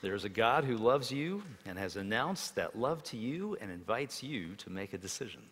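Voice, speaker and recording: A man preaching a sermon in a dramatic way, shifting between loud emphasis and hushed tones as he tells stories. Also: fairly low pitch, sing-song, normal speed, slightly rough. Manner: storytelling with acted quotes. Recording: long reverb of a large hall.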